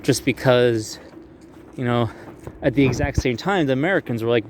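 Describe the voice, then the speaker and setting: A young man talks his way through a city walking tour, swearing casually and cracking jokes. He drops into mocking put-on voices whenever he quotes historical figures. His voice sits at a middling pitch, and faint street traffic hums behind him outdoors. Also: normal speed. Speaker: tour guide vlogger.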